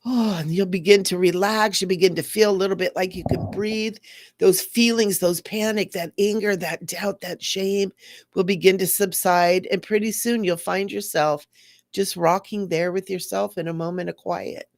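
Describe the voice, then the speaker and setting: A middle-aged woman speaks as a spiritual teacher, earnest and heartfelt, slipping into the voices of the people she describes. Her voice has a gravelly fry running through it. The sound is dry, with little room around it. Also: medium pitch, fairly even intonation, moderate pace, dry recording. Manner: earnest, acts out quoted voices.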